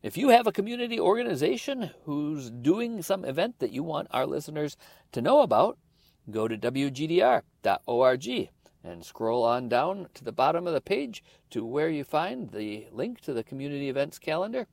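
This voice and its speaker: Male community radio host, gravelly, expressive, dry close sound. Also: a little high, normal speed, dry recording.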